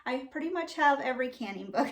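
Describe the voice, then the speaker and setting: A homestead vlogger gives a casual tour of her outdoor garden, chatting, laughing often and saying um a lot. Her voice is high, expressive and fairly quick.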